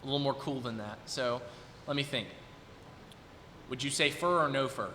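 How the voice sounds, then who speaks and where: Bright young man chatting in a reverberant recital hall. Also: mid-range voice, moderate pace. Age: 20s. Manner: thinks aloud, chatty and hesitant. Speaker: recital performer talking to the audience. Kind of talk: casual audience interaction. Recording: long hall reverb, faint noise.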